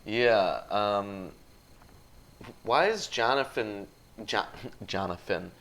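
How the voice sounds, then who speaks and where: A man co-hosting a casual livestream chat, joking in a deadpan way. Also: fairly low pitch, slow pace, slight background noise, poor audio. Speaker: co-host.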